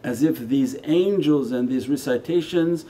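A man gives a spiritual lecture as a Sufi teacher at a meditation center. His voice is mellow and unhurried in tone, conversational, with quiet asides set against emphatic lines. A faint hiss sits under the recording. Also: mid-range voice.

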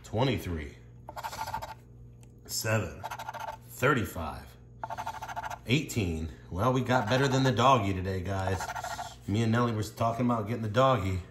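Male vlogger, lower voice, overwhelmed and tearful, excitable exclaiming, echoey room, audible noise behind. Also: a little slow, long pauses. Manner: exclaiming, emotional, rambling, addressing viewers as y'all. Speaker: scratch-off ticket vlogger. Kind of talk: excited casual commentary.

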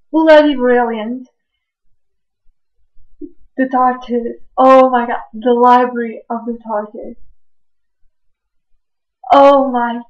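A woman's voice: sits high, highs cut off. A woman reacting to a TV episode on her webcam at home at night, gushing and exclaiming over and over. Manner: gushing, keeps exclaiming and repeating herself. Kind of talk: excited reaction vlog.

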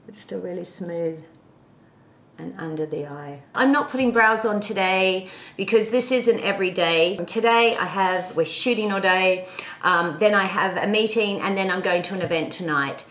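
Chatty middle-aged woman teaching makeup. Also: mid-range voice. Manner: chatty, instructive, talks while applying makeup. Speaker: beauty vlogger. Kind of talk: makeup tutorial. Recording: echoey room.

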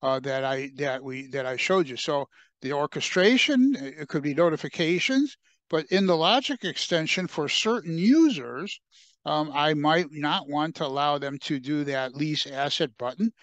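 A man walks through a software demo over a webcast, often stopping to restart his phrases and fill gaps with small hesitations. His voice is smooth and clear, sits a little high for a man, and the recording is close and dry with no room around it. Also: dry recording. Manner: halting, many fillers and restarts. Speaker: software presenter. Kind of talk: webcast screen-share demo.

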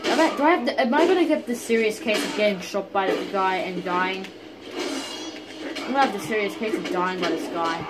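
A gamer giving casual, excitable commentary while playing a fighting game, often yelling and swearing at it. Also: medium pitch, fairly quick, rough recording. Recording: background noise.

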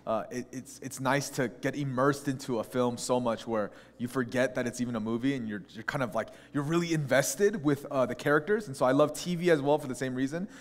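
A man preaching a conversational sermon as a pastor, telling stories in an animated, opinionated way. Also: medium pitch, fairly quick, hardly any pauses. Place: church sanctuary. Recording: long church hall reverb.

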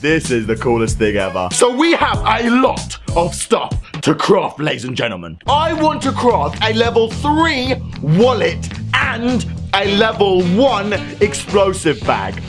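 A young man commentating his gameplay, excitable, often yelling, laughing and swearing. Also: high-pitched, unhurried, hardly any pauses. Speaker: gaming commentator. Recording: game music behind the voice. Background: game music.

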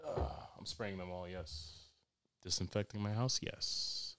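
A man hosting a podcast as a crude, excitable comic monologue full of swearing. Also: low-pitched, measured pace. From New York. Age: 20s. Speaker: podcast host.

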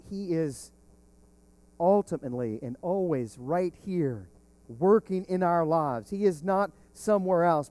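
Slow, mellow-voiced preaching man. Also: a little high, no echo. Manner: slow, emphatic preaching with swelling stresses. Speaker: pastor. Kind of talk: sermon.

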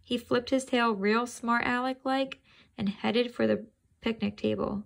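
Gravelly woman reading to kids. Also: on the high side, fairly even intonation, unhurried. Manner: casual, thinks aloud and quizzes listeners. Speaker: reader of a children's book. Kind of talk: reading a chapter book aloud to children.

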